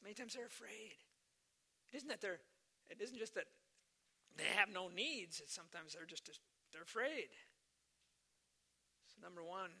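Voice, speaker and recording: A man's voice: high voice, bright, forceful tone. A man preaching a sermon earnestly, repeating key phrases for emphasis and telling stories to make his points.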